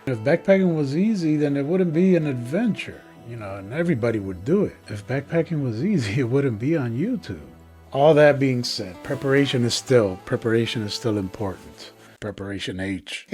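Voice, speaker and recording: A man's voice: mid-range voice, animated, normal speed, darkish tone, faint music behind. A young man in a casual comedic vlog, talking outdoors on a trail with joking, rambling, slangy asides. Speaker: backpacking vlogger.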